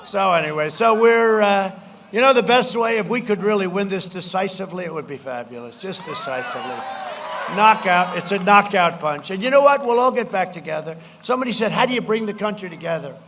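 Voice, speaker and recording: A man's voice: high-pitched, lively intonation, brisk, a bit bright, a little hiss or hum. A man giving a campaign rally speech on a stage mic outdoors, repetitive and boastful, slipping into mocking quoted voices. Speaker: political speaker at a campaign rally.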